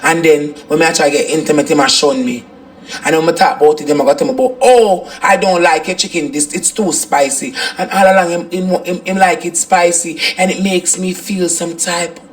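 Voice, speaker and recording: A man's voice: fairly high pitch, fairly quick, lightly acted. A man playing a fed-up Jamaican wife. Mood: ranting. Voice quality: patois slang, swears often. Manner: emotional, swings from ranting to crying. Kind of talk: comedy skit.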